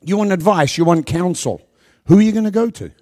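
A middle-aged man preaching a sermon to a congregation on a handheld microphone, with a worn voice, asking rhetorical questions and pausing for effect. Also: high voice, animated. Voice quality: voice worn from past yelling. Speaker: pastor.

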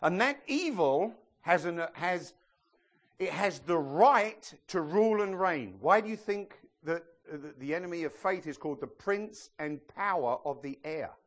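Lively preaching man. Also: a little high, a little slow. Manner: lively preacher, asks the congregation questions, jokes and laughs. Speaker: pastor. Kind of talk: sermon.

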